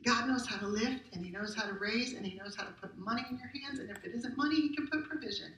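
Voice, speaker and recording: A woman's voice: a little high, fast, fairly bright tone. A middle-aged woman pastor giving a conversational, emphatic sermon full of rhetorical questions. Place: church sanctuary. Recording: roomy hall captured from a distance.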